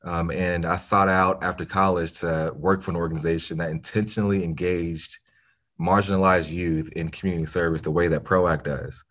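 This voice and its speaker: A man speaks in a notably low, deep voice. He tells his story in an earnest, reflective conversational way, with the occasional restart, as a guest on a podcast interview. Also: level tone, normal speed, a bit bright. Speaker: nonprofit founder, podcast guest.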